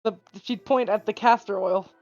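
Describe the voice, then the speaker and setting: A woman's voice: mid-range voice, normal speed, a little mellow, no room sound, highs cut off. A woman playing a tabletop game, chatting in a playful way and laughing easily. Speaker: player. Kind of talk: casual chat around a tabletop game.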